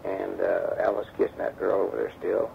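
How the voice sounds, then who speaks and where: A man telling a story from his past in an interview. He acts out the dialogue lively as he talks, on a damaged tape recording. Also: deep voice, fairly quick, creaky. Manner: animated storyteller acting out quoted dialogue. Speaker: interview guest, former bodyguard. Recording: dull damaged tape with faint hiss.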